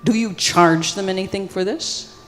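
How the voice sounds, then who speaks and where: A woman acting out an eager male poet, shouting his sales pitch, booming hall reverb. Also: normal speed, natural voice. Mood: persuasive. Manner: loud, insistent, salesman-like pitch. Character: fired-up male ancient Greek poet pitching a scheme. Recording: long reverb of a live hall.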